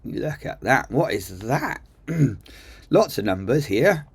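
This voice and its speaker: A man's voice: mid-range voice, big pitch swings, slow, vocal fry, husky. A man casually walking through a screen-recorded coding tutorial, chatty and enthusiastic, thinking aloud with lots of ums. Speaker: coding teacher. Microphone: computer mic while screen recording.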